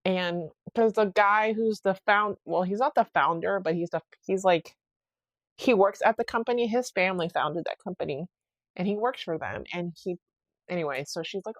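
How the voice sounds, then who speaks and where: A young woman chats alone into her podcast mic, telling a story in a loose, rambling way. She is full of fillers and restarts, and her voice sits at an ordinary middle pitch. The sound is close and dry, with no room around it. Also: normal speed, no room sound. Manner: rambling, animated retelling with many fillers and restarts. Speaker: podcast host. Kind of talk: casual solo podcast storytelling.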